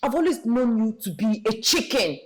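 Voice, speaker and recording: Taunting Nigerian young woman, sneering, lively delivery. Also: a little high, normal speed. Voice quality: sneering, mixes English and Pidgin.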